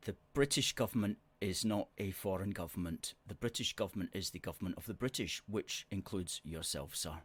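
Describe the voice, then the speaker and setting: A man's voice: on the low side, normal speed, no echo. A man hosting a live stream, reading out viewer comments and answering them with emphatic, repeated words. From Scotland. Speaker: host.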